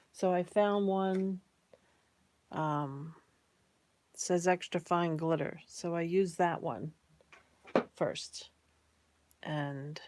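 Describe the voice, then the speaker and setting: A woman vlogging casually about her molds, excited and chatty, sometimes dropping to a near-whisper. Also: fairly low pitch, no echo. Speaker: crafts vlogger. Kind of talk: casual chat.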